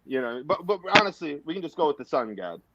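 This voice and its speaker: A man's voice: a little high, big pitch swings, fast talker, highs cut off, a crowd in the background. A man co-hosting a casual sports podcast, rambling and enthusiastic as he reels off stats. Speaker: podcast co-host.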